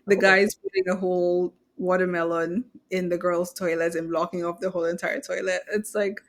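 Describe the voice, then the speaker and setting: A woman's voice: lowish voice, flat delivery, normal speed. A young woman co-hosting a podcast, telling stories in a chatty way and laughing often. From Kenya or Zambia. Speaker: podcast co-host. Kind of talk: casual chat.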